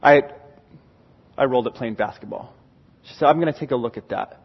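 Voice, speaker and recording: A man, a pastor, preaching a sermon and telling stories with animated, acted-out exclamations. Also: medium pitch, a little fast, long pauses, slightly rough. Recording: dull, lo-fi recording with long hall reverb.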